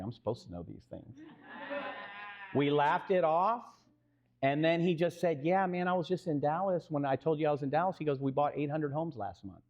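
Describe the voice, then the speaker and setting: A real estate company co-founder with a Texan accent tells a business story on a live stage panel. He's animated, acting out quoted dialogue and putting questions to the crowd, in a mid-range voice on a muffled recording.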